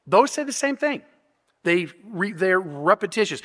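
High-voiced man preaching in a reverberant hall. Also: sing-song, a little slow, sharp tone. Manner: teaching, explanatory, uses rhetorical questions; frequent restarts and repeated words. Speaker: pastor. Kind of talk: expository sermon. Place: church sanctuary.

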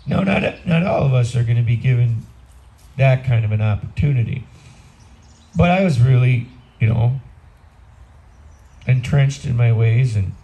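A man's voice: medium pitch, gravelly, mellow, low-quality recording. A man in his sixties, a priest, preaching a homily in a blunt, conversational, self-deprecating way. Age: 60s. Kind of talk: sermon.

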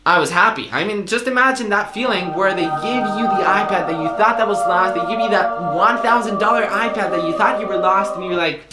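A young man telling a story in a vlog, excitable and animated, acting out the dialogue. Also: high voice, a little fast, few pauses, roomy sound, over loud music. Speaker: vlogger.

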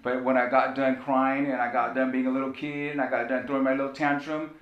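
A male pastor with a level tone talks a little fast as he preaches, telling a personal story with passion and repeating key phrases. The audio is dull, and the church sanctuary adds echo and a faint rumble.

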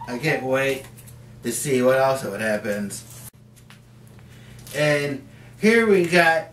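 A man's voice: mid-range voice, lively intonation, slow, fairly bright tone, a little hiss or hum. A man casually reviewing comics at home, rambling with lots of fillers and restarts. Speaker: comic book vlogger. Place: home basement. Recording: roomy, mic at a distance.

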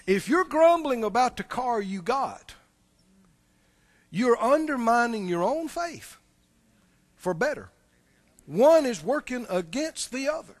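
A man's voice: very high-pitched, very animated, slow, long pauses, no echo. A man preaching a sermon, emphatic and repetitive, speaking directly to the congregation. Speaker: pastor.

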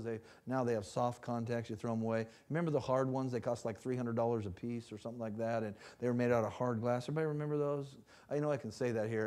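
A man evangelist preaching a sermon in a church, swinging from hushed passages to loud rising climaxes and acted-out stories. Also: medium pitch. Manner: storytelling with shouted acted-out cries. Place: church sanctuary.

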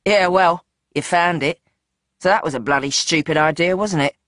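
A woman's voice: on the low side, moderate pace, a bit bright, no room sound, studio quality, close to an everyday voice. A narrator voicing a drunk, brash young woman who swears casually and talks in an offhand, mocking way.

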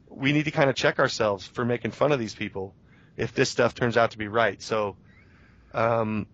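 A man's voice: medium pitch, fairly bright tone. Earnest man guest on talk radio. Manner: earnest, rambling explanations. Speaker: guest journalist. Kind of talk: radio interview. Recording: dull lo-fi radio audio.

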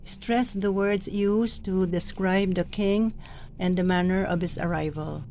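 A middle-aged woman training church lectors, explaining how to proclaim the readings in a slow, deliberate way and stretching the words she stresses. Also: medium pitch, fairly even intonation, a little mellow, a little hiss or hum. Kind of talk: instructional reading guide.

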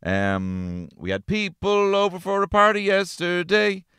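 A man's voice: sits high, animated, measured pace, sharp tone, smooth, no room sound. A man with an Irish accent hosting a solo comedy podcast from inside his car, ranting in an exasperated, profane way. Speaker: podcast host.

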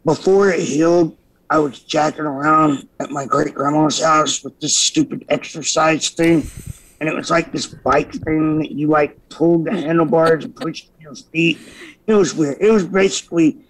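A man's voice: on the high side, fairly even intonation, moderate pace, a bit bright, slight background noise, poor audio. A man guesting on a podcast, casually telling stories and acting out his own past dialogue with energy. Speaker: podcast guest, former stuntman. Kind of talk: casual storytelling.

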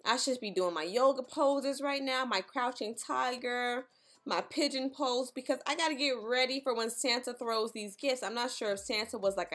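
A young woman commenting on her gameplay in an excitable, dramatic, chatty way, with faint music behind her. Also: on the high side. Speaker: gaming YouTuber.

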